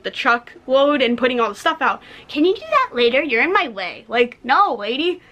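A young woman vents in a casual vlog, blunt and exasperated, with a lot of "like" and the odd swear word. Her voice sits a little high and sounds bright and sharp. She is a cashier complaining about customers. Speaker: vlogger, retail cashier.

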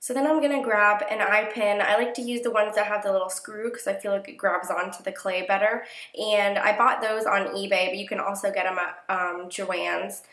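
A woman's voice: medium pitch, moderate pace, hardly any pauses. A young woman talks through a crafting tutorial in a chatty, easygoing voice-over, sprinkling in fillers as she goes. She is getting over a cold, so her voice comes out nasal and congested. It is recorded in an echoey room. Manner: chatty, relaxed instructions with fillers.

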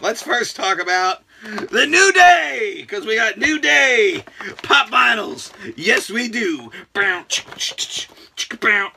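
A man vlogging from a room at home, telling stories in a profane rant that bursts into shouting and drops into hushed asides. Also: sits high, sing-song, measured pace, gravelly, slight background noise. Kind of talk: ranting vlog storytelling.

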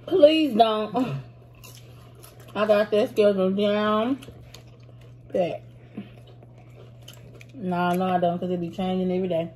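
A woman trades sassy, drawling remarks while eating with friends. Her voice is mellow and mid-pitched. A faint noise sits under the recording. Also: slow, long pauses. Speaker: podcast co-host. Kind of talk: casual chat during a mukbang.

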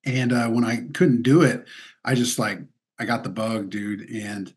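A man's voice: fairly low pitch, fairly even intonation, measured pace. A man from Missouri, chatting as an interview guest, laughing often and peppering his talk with "dude" and "like.". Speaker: guest athlete. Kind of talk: casual interview storytelling.

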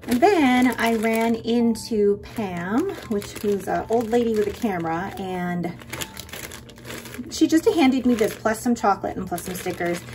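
A young adult woman vlogging in a chatty, excited way, rambling with quick asides as she shows her haul. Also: mid-range voice, slight background noise. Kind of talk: casual haul vlog.

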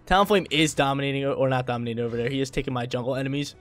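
A man's voice: mid-range voice, flat delivery, very fast, faint music behind. A man giving live gameplay commentary, hyped and trash-talking, often repeating his phrases.

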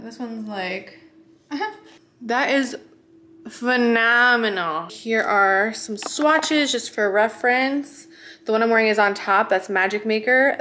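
A woman's voice: mid-range voice, fairly bright tone, slight background noise. Bubbly woman vlogger in an echoey room. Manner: bubbly, chatty, talks straight to camera. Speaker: beauty and lifestyle vlogger. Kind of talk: casual vlog chat. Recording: echoey room, faint ambience.

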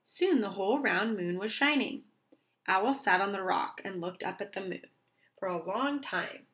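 Woman reader, children's read-aloud, clear and expressive, gentle pacing. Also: mid-range voice. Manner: slow, clear and expressive for young listeners.

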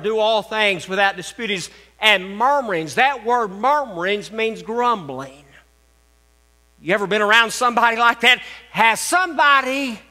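High bright-voiced older preacher. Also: male voice, big-room sound. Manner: folksy, joking preaching with repeated phrases. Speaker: pastor. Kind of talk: sermon. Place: church sanctuary.

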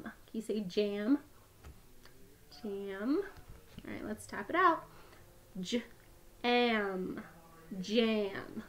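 A young woman leads a phonics lesson for small children. Her voice sits a little high, and she talks slowly in an encouraging, sing-song teacher manner. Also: slight background noise.

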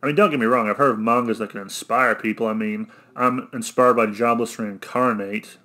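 A young man from Arkansas with an Arkansan accent, rambling through a solo rant in a monotone, blunt and cynical, often correcting himself. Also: mid-range voice, brisk. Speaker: vlogger.

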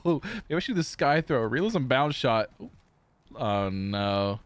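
A young man streaming a shooter game, giving live gameplay commentary with playful taunts and sudden excited yells. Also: medium pitch, takes it slowly, clean tone, no echo. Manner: excitable, taunting banter with bursts of yelling. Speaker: gaming streamer.

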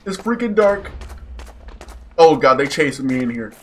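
A young man giving casual gameplay commentary, yelping and shouting in panic, then muttering nervously between scares. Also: a little high, big pitch swings, normal speed. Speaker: gaming YouTuber.

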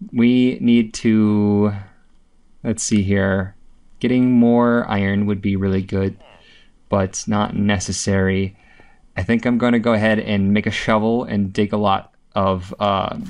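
A man with a fairly low voice talks casually through his gameplay. He rambles from one task to the next, with filler ums and a loose, profane tongue. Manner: chatty, rambling, with frequent swearing and filler ums. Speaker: gameplay video host.

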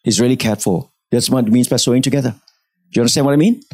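A man preaching a sermon in church, telling a story with animated delivery and acting out the people in it. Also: mid-range voice, fast talker, no room sound. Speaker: pastor.

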